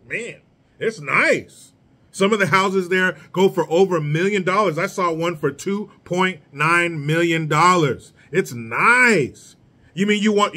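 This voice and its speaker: Brief: a male commentator with a high voice, sarcastic and blunt, ranting straight to camera. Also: bright, forceful tone. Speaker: political commentator. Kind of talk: solo rant commentary.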